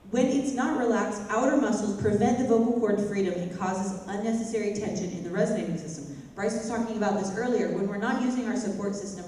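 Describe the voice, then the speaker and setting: A woman with a mellow, mid-range voice leads a worship singing class as a vocal coach, chatting casually and breaking into sung phrases to demonstrate. The recording comes from an echoey hall with a distant mic and faint noise.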